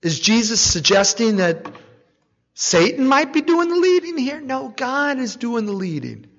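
A man with a high voice delivers a slow, conversational sermon, often asking the room "right?" with a small chuckle. His voice carries a long reverb from a large church hall. The recording sounds muffled and dull. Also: sing-song, a bit bright. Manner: asks the congregation "right?" again and again, with a light chuckle. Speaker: preacher.

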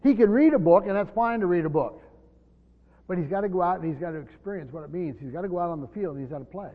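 A man's voice: high voice, animated, quick pace. A man preaching an expository sermon, explaining a text and often repeating words as he goes. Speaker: pastor. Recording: muffled recording with long hall reverb.

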